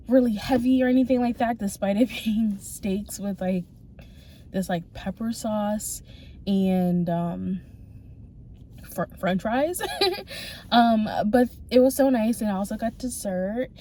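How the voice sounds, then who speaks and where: A woman's voice: on the high side, warm tone, poor audio. Young woman vlogging her day, chatty and laughy, lots of likes and ums, faint hiss in the background. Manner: chatty, filler-heavy, laughs easily. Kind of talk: casual vlog chat. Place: home, then out in the city.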